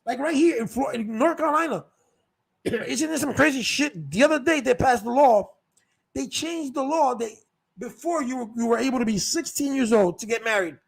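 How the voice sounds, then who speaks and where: A man's voice: very high voice, normal speed, gravelly, slightly rough. A man ranting casually in a vlog, sarcastic, mocking other people's views with raised voices. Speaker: vlogger. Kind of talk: casual opinion rant. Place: North Carolina.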